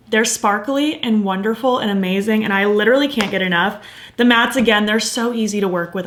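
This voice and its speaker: Young woman doing a chatty beauty vlog, gushy and excited, medium pitched voice, lots of likes and ums. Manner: gushing, enthusiastic, filler-heavy. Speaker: beauty vlogger. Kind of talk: casual favorites review.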